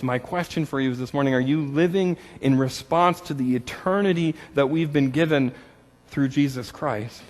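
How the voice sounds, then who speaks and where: Male pastor, earnest sermon, rises on questions and falls soft, recorded in a church with long reverb. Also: medium pitch. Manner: earnest, questioning, rising then dropping to quiet.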